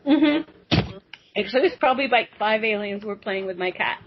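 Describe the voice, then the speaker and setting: A woman guest telling a personal story in a rambling, animated way, with restarts and asides. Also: medium pitch, moderate pace. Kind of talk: personal storytelling on a talk show. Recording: dull lo-fi audio.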